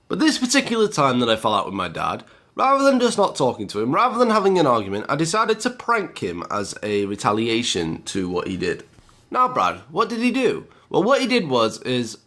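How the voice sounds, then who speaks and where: A man's voice: medium pitch, fairly bright tone. A man with a British accent telling a story to his viewers in a chatty vlog style, often calling them guys. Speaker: YouTuber.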